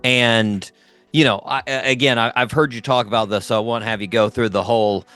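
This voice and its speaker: A man's voice: mid-range voice, fairly even intonation, a little fast, fairly bright tone, smooth, dry recording. A male podcast host interviewing a guest in an easygoing way, recapping stories. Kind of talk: casual interview.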